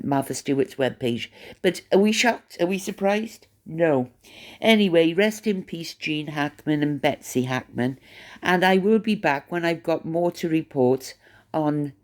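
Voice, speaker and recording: This is a vlogger talking casually to her audience in a running monologue. The delivery is conversational and unpolished, full of ums and rhetorical asides. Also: medium pitch. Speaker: commentary channel host.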